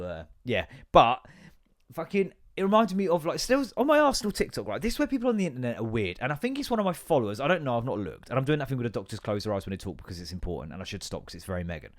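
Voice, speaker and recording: Sweary man ranting solo. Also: a little high. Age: 30s. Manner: sweary, rambling, self-mocking. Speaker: podcast host. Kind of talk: solo comedic rant.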